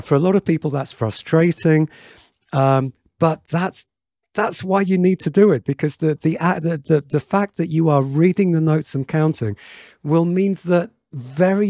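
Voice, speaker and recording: A man's voice: a little high, warm tone, no echo, clean studio sound. A man teaching a piano tutorial in a chatty way, with many fillers and restarts, counting beats aloud.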